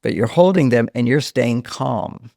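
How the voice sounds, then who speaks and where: An older man, a relationship counselor and author, explaining at length in a podcast interview and going hushed when he quotes a scared child. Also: medium pitch, animated, unhurried, gravelly, no room sound, clean studio sound.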